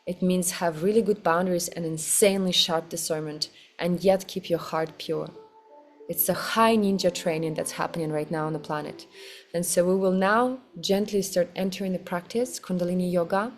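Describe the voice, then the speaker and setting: Gentle woman guiding a yoga class. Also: on the low side, steady tone. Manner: soft, gentle, slow guiding. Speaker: kundalini yoga teacher. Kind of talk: guided yoga class instruction.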